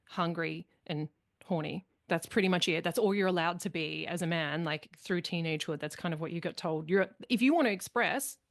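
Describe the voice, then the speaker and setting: A woman hosting a podcast, talking calmly and agreeably in casual chat. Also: on the low side, brisk, no room sound, studio quality. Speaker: podcast host.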